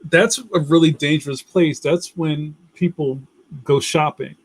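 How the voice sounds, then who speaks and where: A man's voice: a little high, unhurried, breathy edge. A young man with a Philadelphia accent hosting a casual livestream, rambling loosely, laughing often and reading out viewer comments. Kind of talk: casual chat.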